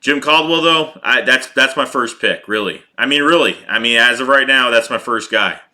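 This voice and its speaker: A man with a very bright, forceful voice rants about his team, swearing freely and repeating his points. His tone stays casual and heated throughout, like a fan host talking straight to his viewers. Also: medium pitch, normal speed. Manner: heated, profane, repeats himself. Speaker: sports podcast host reading chat.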